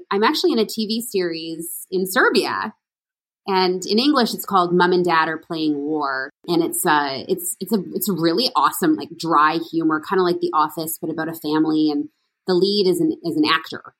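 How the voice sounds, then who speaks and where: A woman's voice: lowish voice, moderate pace, fairly bright tone. A woman from Canada, an actress, chatting as an interview guest, laughing often and talking with many fillers and restarts. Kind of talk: casual interview chat.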